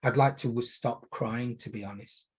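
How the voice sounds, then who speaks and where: A man playing a low, tearful young male patient in a role-play demonstration, speaking quietly and trailing off. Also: steady tone, moderate pace, husky, close to an everyday voice. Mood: downcast.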